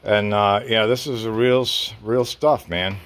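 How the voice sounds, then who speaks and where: A man's voice: on the low side, fairly even intonation, measured pace, a bit bright. A middle-aged man rambling casually in his home garage while working on tools, with mild cursing along the way, recorded on a phone. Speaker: garage vlogger. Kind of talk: casual workshop chat. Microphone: phone camera.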